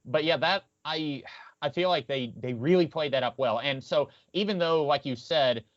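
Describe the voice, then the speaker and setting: A man's voice: fairly high pitch, moderate pace, no echo. Rambling man on a dull dry podcast mic. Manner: rambling, many restarts, playing it by ear. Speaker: podcast co-host. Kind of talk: casual film discussion.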